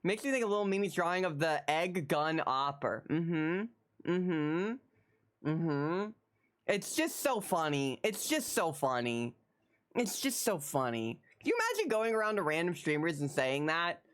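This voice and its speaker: A woman's voice: fairly low pitch, very animated, measured pace. A young adult woman streaming live, chatting casually, wry and self-mocking, often repeating her lines.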